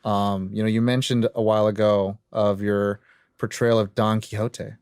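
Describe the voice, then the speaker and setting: A man's voice: lowish voice, flat delivery, moderate pace, darkish tone, clean tone, dry recording, clean studio sound. A man hosting a podcast, asking long, rambling questions full of fillers in casual chat. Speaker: podcast host. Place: podcast studio.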